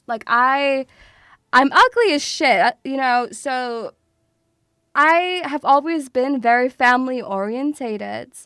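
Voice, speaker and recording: Young woman streamer, high bright voice, swears and says sweetie a lot, dry close mic. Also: animated, slow pace, clean tone, dry recording. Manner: chatty, swears freely, calls viewers sweetie. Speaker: VTuber streamer. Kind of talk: casual livestream chat.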